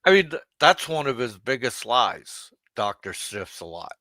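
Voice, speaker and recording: A livestream host with a mid-range, sing-song voice and a sharp tone speaks unhurriedly in a dry recording. He delivers a mocking, profane rant straight at someone who isn't there, laughing at his own jabs.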